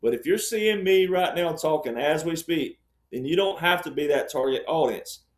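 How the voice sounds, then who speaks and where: A man's voice: a little high, moderate pace. A man with a somewhat raised voice, laying out an argument as a panel guest. He lectures and repeats phrases for emphasis. The sound carries a roomy echo. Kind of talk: emphatic panel-show explanation.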